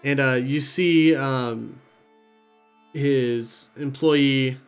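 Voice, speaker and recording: A young man narrating as game master in a relaxed, rambling way, swearing casually. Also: medium pitch, drawn-out words, clear, resonant tone, soft background music.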